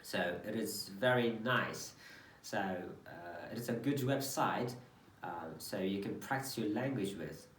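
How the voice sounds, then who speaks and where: A man's voice: on the low side, lively intonation, measured pace, fairly bright tone, a little hiss or hum. A man who teaches English, explaining a website in a hesitant way with many fillers. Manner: hesitant, many ums and uhs. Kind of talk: screen-share tutorial.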